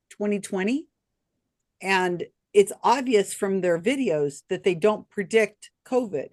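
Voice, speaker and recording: A woman's voice: medium pitch, darkish tone, dry recording. Woman, online trivia host; casual, talkative, dead-dry call audio. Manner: chatty, laughs often, quick asides. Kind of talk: casual chat.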